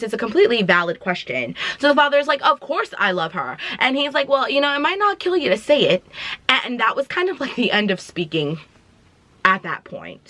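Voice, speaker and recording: Woman, vlogger, chatty recap, bright voice, dry close mic. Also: medium pitch, no room sound. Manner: animated, dramatic retelling with slang and asides. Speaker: vlogger reviewing a film. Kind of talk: casual chatty movie recap.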